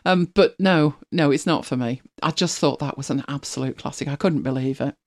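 A middle-aged woman from Manchester, England, with a mild local accent, hosts a casual chat and reads listener comments. Her voice is low-pitched and darkish, moving fairly quickly as she rambles and laughs often.

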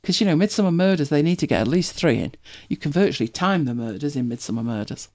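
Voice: medium pitch, lively intonation, quick pace, darkish tone. A host with a British accent, chatting casually and rambling with many restarts. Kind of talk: casual chat.

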